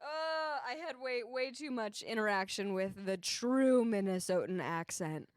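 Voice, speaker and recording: A woman's voice: medium pitch, expressive, measured pace, clean tone, no room sound. A young woman co-hosting a casual live stream, chatting playfully and giggling, close to the mic. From United States. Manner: playful, giggly, puts on goofy accents. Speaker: streamer co-host. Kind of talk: casual chat.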